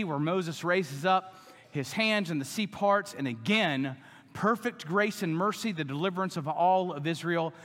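A pastor with a slightly high, somewhat bright voice preaches emphatically, now and then voicing the grumbling Israelites in the story. The recording carries a long hall reverb.

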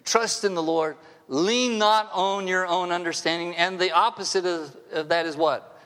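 A man's voice: sits high, steady tone, moderate pace, a bit bright, clean tone. A man in his sixties preaching a sermon in a church sanctuary, conversational with wry asides. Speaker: pastor. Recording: long hall reverb.

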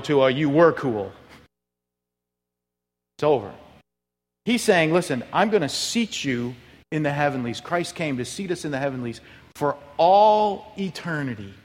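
A male pastor preaching a sermon, telling stories with animated delivery that climbs toward near shouting. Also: a little high, in a large hall. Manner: animated storytelling, rises to near shouting at climaxes. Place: church hall.

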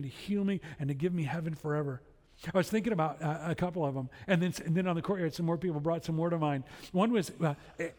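Pastor, male, slightly high voice, chatty storytelling sermon, long hall reverb. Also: darkish tone. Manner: conversational storytelling with frequent restarts.

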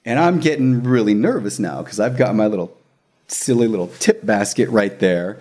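Brief: male magician spinning a story in casual chat, lively, laughs a lot, does quick voices. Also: on the low side. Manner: animated, laughs often, acts out quoted voices.

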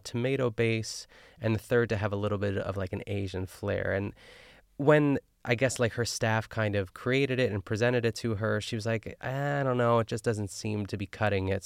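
A man's voice: lowish voice, moderate pace, gravelly, clear, resonant tone, no echo, studio quality. A man hosting a podcast, recapping a cooking show in casual, chatty talk full of fillers. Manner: chatty, filler-heavy, animated. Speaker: podcast host.

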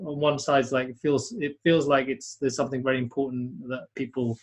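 Casual and lively, a man co-hosting a live webinar thinks aloud, restarts frequently, and reads out viewer comments. He talks briskly at a medium pitch with few pauses.

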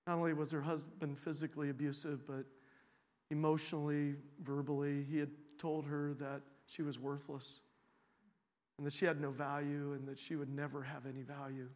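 A man preaching a sermon, telling a personal story in a relaxed, conversational way with frequent fillers and restarts. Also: a little high, normal speed, big-room sound. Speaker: pastor.

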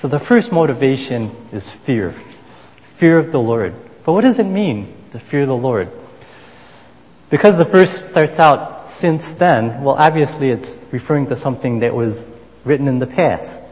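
A man's voice: medium pitch, expressive, moderate pace, a little mellow. Man preaching conversationally in a reverberant hall. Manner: conversational, many fillers like "you know". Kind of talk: sermon. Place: Boston area.

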